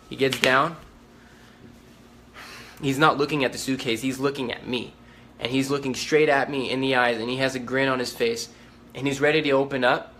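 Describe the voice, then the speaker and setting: A man's voice: medium pitch, sharp tone. A man giving first-person eyewitness testimony, telling it urgently and insistently, acting out the lines of the people he met. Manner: urgent, insistent storytelling with quoted dialogue and restarts. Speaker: eyewitness recounting an event.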